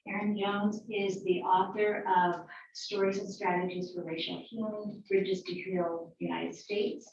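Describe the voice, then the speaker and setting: A woman's voice: medium pitch, little pitch movement, measured pace, a little mellow, far from the mic, a little hiss or hum. A middle-aged woman presenting to a school board at a workshop, explaining plans with fillers and repetition. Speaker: school district superintendent. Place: meeting room. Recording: echoey dull room audio from afar.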